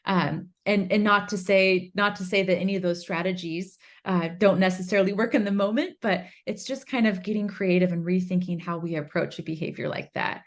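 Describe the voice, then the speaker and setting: A woman's voice: mid-range voice, fairly quick, hardly any pauses. Earnest woman explaining parenting steps. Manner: earnest, acts out gentle parent phrases. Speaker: guest, author and curriculum instructor. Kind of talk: explanatory interview talk.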